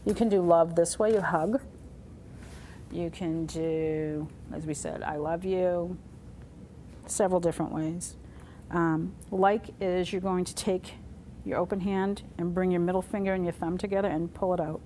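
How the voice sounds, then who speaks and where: A woman's voice: fairly low pitch, steady tone, moderate pace, mellow, a little hiss or hum. A woman teaching a sign language class, patiently talking through each sign as she shows it. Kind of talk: classroom instruction. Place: community center classroom.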